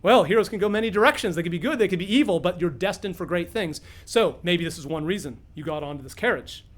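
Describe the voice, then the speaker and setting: High-voiced upbeat male game master. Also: lively intonation, fast. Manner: upbeat, explanatory. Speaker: game master teaching beginners. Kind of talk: teaching and narrating a tabletop game. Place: room with a group of players.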